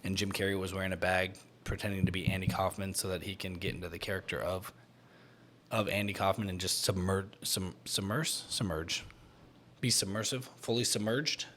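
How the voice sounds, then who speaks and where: A young man hosting a casual solo podcast, rambling and joking, getting loud when he goofs around. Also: sits low, fairly even intonation, normal speed. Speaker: podcast host. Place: small home podcast room.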